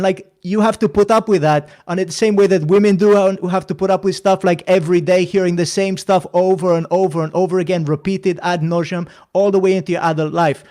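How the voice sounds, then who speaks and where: A man from Spain with a notably high voice talks as a comedian guest on a podcast, earnest and emphatic. He leans on his points and drives them home. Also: a little mellow. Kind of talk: casual podcast chat.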